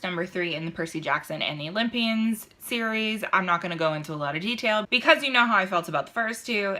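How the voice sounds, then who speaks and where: A woman's voice: on the low side, bright, forceful tone. A young woman chatting casually about books she read, talkative and emphatic, with fillers and sudden bursts of feeling. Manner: chatty, with fillers and a Southern "y'all"; emotional and emphatic at times. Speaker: book vlogger. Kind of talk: casual book review chat.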